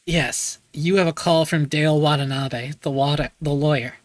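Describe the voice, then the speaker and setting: A man reading the lines of a polite office secretary in a game, in a brisk tone. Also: a little high, steady tone, no room sound, voice pushed down, lightly acted. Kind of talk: reading game dialogue aloud.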